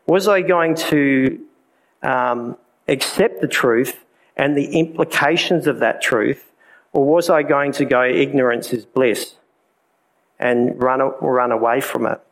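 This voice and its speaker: A man's voice: mid-range voice, slow, poor audio. Candid man sharing his testimony. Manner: candid, conversational, with many fillers. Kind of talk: personal testimony from the pulpit.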